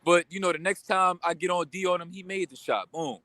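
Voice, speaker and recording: A young man rants through a storytime vlog in a bright, forceful voice, pitched a little high for a man. He talks loose and slangy, piling on quick asides as he vents. The sound is close and dry, with almost no room around it. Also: no room sound. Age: young adult. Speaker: vlogger. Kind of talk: casual storytime rant.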